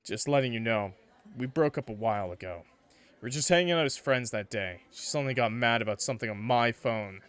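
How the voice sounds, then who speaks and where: A man's voice: fairly quick, a bit bright, clean tone, natural voice. Justin, a man doing a purring smug flirt. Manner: low, purring, teasing delivery. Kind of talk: reading visual novel dialogue aloud.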